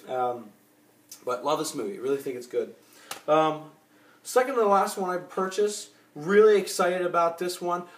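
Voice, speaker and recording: Rambling man in an echoey room. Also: a little high. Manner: rambling, many fillers and restarts. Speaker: movie collector vlogger. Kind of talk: casual chat. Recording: roomy echo.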